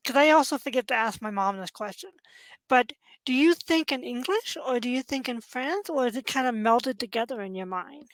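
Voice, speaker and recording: A woman's voice: a little high, animated, fairly quick, no room sound, rough recording. A woman interviewing a guest in a friendly, casual and slightly apologetic way.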